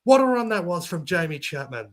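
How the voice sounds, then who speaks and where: A man calling live sports play-by-play, rattling off names and rising to shouts on big runs. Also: high-pitched, sing-song, fairly quick. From Australia. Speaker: play-by-play commentator.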